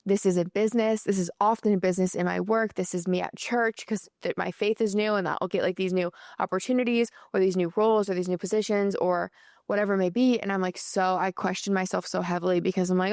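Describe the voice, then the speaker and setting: A woman's voice: on the low side, steady tone, a little fast, darkish tone, dry recording, clean studio sound. A young woman in her twenties talking casually and earnestly about faith and mindset, with lots of filler words. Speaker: podcast host.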